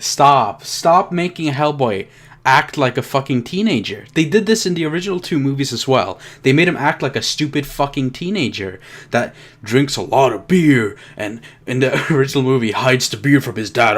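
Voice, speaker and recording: A young man reviewing a film, ranting with lots of swearing and mocking impressions of the characters. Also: mid-range voice. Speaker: movie reviewer.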